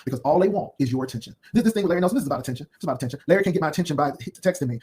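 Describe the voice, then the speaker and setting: A man's voice: fairly high pitch, expressive, rapid-fire, a little mellow, slight background noise. A man hosting an unscripted drama commentary video, firing off sassy, cutting put-downs in a rambling way. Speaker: YouTube commentary host.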